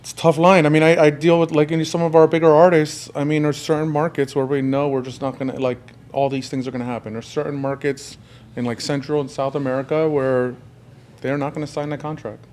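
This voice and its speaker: A man's voice: fairly high pitch, flat delivery, a little mellow, slight background noise. A man who manages artists, hosting a podcast and giving practical advice in a casual conversation. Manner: advising, talks fast and at length.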